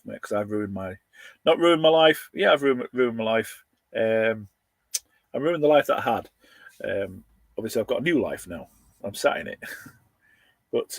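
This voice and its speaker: A man's voice: mid-range voice, dry recording. Chatty middle-aged man. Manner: chatty, thanks viewers by name, laughs between lines. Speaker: livestream host reading viewer comments. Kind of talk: casual live chat. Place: his van.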